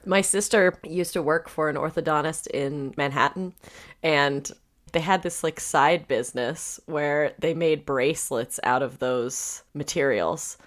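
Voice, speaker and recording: A woman's voice: sits low, a little slow. A woman co-hosting a podcast in casual chat, playful and teasing, laughing often. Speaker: podcast co-host.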